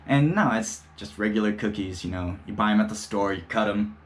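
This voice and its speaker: Male solo podcast host, lower voice, loose and profane, casual chatty delivery. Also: fairly quick. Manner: loose, profane, laid-back storytelling.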